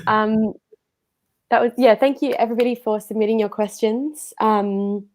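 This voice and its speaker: A woman's voice: fairly high pitch, fairly even intonation, normal speed, darkish tone. A woman hosting a livestreamed talk, chatty and friendly, heard through a video call mic. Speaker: event host.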